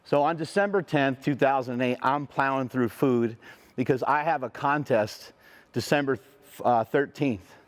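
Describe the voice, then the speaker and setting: A middle-aged man giving a motivational speech, telling a personal story in a profane, animated way. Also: medium pitch, measured pace. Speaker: motivational speaker.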